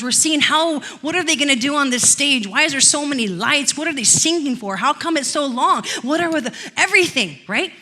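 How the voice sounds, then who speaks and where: Woman pastor preaching, high bright voice, tells stories then gets loud and declares stuff. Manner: storytelling, swells to loud declarations. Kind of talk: sermon. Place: church.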